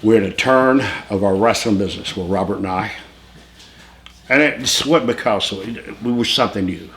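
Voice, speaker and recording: A man's voice: lowish voice, moderate pace, slight background noise. Rambling, laughing old-school storyteller man. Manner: animated, laughing, swears freely, jumps between tangents. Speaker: retired pro wrestler telling stories. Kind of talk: casual storytelling interview.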